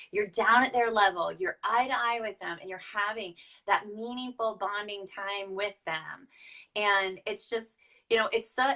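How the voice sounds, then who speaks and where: A woman in her thirties talks through business tips in a chatty, easygoing way, full of fillers and restarts. Her voice sounds bright and crisp. She is picked up from a distance, away from the microphone. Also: mid-range voice. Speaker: Tupperware director. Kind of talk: casual business advice talk.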